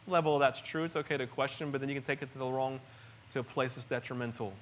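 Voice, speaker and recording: A middle-aged man preaching a sermon in an earnest, conversational way, often restarting phrases and swinging between soft and loud. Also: medium pitch, steady tone, fast, slight background noise. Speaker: pastor.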